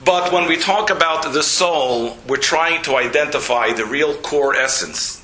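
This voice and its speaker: A man, a rabbi, giving a storytelling lecture, animated, jumping his pitch to act out quotes. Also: unhurried. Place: lecture hall. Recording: roomy lecture hall echo.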